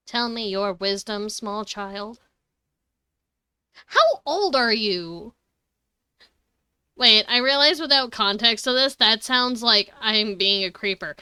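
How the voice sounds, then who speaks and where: A woman's voice: medium pitch, sharp tone, clean tone, no room sound. A woman streaming a video game live, chatting casually, giggling often and swearing freely. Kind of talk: casual live gaming commentary.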